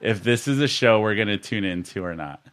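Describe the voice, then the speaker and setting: A man's voice: lowish voice, animated, fairly quick, a bit bright, dry recording. A man in his forties hosting a casual podcast chat, teasing his co-hosts and laughing often. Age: 40s. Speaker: podcast host. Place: San Diego studio.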